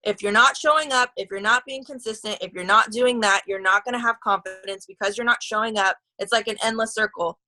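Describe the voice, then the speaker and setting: A woman's voice: mid-range voice, a little fast, few pauses, sharp tone, rough recording. A woman leading a motivational team call, chatty and gushing, with lots of fillers and restarts. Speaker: team leader.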